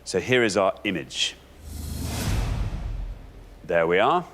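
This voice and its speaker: A man's voice: deep voice, expressive, slow pace, a bit bright, faint music behind. A man hosting a quiz show, announcing with playful, theatrical energy. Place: TV studio with audience.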